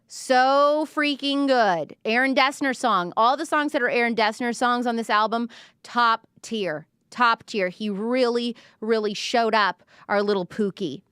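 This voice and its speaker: A woman's voice: a little high, normal speed, bright, forceful tone, clean tone, no room sound, studio quality. A young woman hosting a casual album reaction, gushing and chatty with lots of fillers. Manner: gushing, chatty, filler-heavy, reads lyrics aloud animatedly. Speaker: host reviewing an album.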